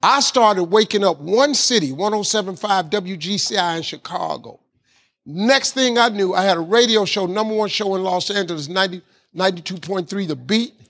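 A man telling a motivational personal story in a lively, folksy way, with casual grammar. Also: high voice, moderate pace. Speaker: guest speaker.

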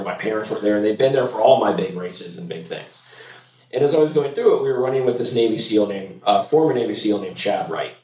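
A man's voice: fairly low pitch, a little mellow. A man, a podcast guest, telling a story in a reflective, conversational way, often restarting his sentences. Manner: reflective, repeats words when starting sentences. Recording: roomy room, distant mic.

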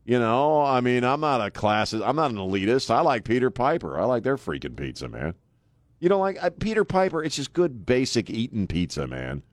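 A man's voice: medium pitch, big pitch swings, a little fast, dry recording. A man hosting a talk radio show, blunt and joking, laughing often. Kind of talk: casual talk radio banter. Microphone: studio microphone.

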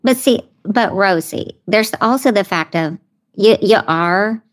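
A woman guest on a podcast, chatting casually and telling animated stories. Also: mid-range voice, measured pace. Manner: animated storyteller, acts out others' lines. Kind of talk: casual conversation.

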